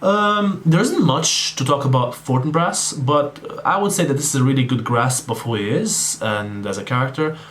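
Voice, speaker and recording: A man's voice: medium pitch, moderate pace, few pauses, fairly bright tone, a little hiss or hum. A man tutoring on literature in a casual exam-prep lecture, talking straight to viewers with frequent ums and asides. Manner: casual, addresses viewers as guys, many ums.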